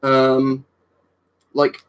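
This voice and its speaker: A man's voice: medium pitch, monotone, drawn-out words, smooth. A young man chatting casually on a live stream, rambling, swearing freely and answering viewers' comments. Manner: rambling, swears a lot, reads and answers chat.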